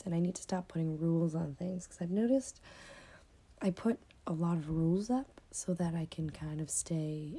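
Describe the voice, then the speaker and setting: A woman chats alone on her own podcast, rambling and self-mocking, full of quick asides. Her voice sits low and mellow with a gravelly edge. Faint noise hums under the recording. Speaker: podcast host. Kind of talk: casual solo podcast chat. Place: at home, part recorded in morning sun.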